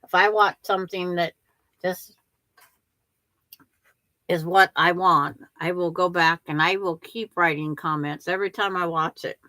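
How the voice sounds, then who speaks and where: A woman's voice: on the low side, fairly even intonation, unhurried, pauses often, bright, forceful tone, dry recording. An older woman hosting a quilting livestream, chatting casually and rambling with viewers, often restarting her sentences.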